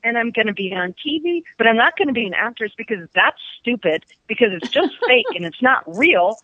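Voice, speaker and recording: A woman's voice: on the high side, sing-song, fairly quick, no room sound. A woman in her fifties, a psychic guest on a radio chat, telling stories animatedly and laughing often, heard through dull lo-fi radio sound. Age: 50s.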